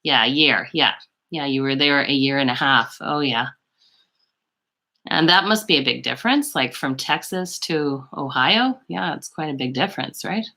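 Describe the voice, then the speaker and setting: A woman's voice: extremely low pitch, normal speed, pushed and bright. A woman from western Canada hosting a live beauty stream, chatting casually with viewers in a rambling way full of asides. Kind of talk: casual live chat, reading viewer comments.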